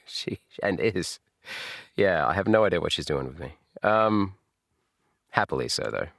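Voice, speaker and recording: An Australian man chatting on a live reaction stream, jokey and animated and laughing often. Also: sits low, unhurried, gravelly, dry recording, clean studio sound.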